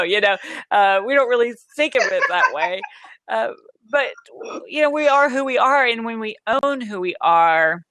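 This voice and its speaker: Lively, laughing woman host with a dry sound. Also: fairly high pitch, moderate pace, dry recording. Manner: animated storyteller, laughs often. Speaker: host of an online speakers' show. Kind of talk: casual chat.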